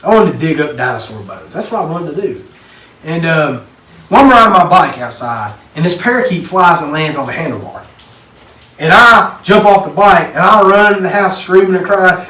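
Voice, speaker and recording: Casting note: man, podcast co-host, somewhat high voice, animated storyteller, roomy distant mic. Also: moderate pace. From Texas. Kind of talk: casual chat. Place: basement. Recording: echoey room, mic at a distance, faint noise.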